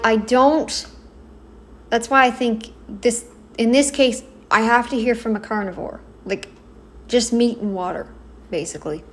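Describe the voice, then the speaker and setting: A woman giving casual reaction commentary, halting and self-correcting, blunt and exasperated in her opinions. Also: medium pitch. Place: home, kneeling then seated.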